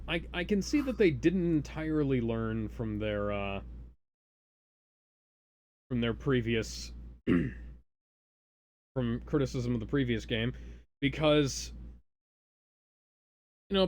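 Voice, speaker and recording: A man's voice: mid-range voice, a little mellow, slight background noise. A man co-hosting a casual livestreamed podcast, rambling with hesitations and casual swearing. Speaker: podcast co-host.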